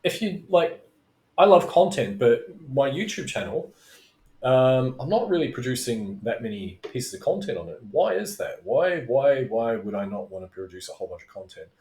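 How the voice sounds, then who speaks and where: A man's voice: medium pitch, sing-song, moderate pace, a little mellow. Rambling man in an echoey room. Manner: rambling, tangential, swears freely. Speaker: business coach. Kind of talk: casual talking-head video lesson. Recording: roomy echo.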